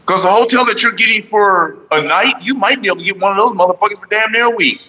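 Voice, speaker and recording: Guy rambling and cussing on a morning stream, bright pushy voice, muffled lo-fi audio. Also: sits high, fast talker, slightly rough. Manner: profane, rambling, talks to viewers and his partner; sings loudly and off-key at times. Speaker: vlogger. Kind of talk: casual morning livestream chat.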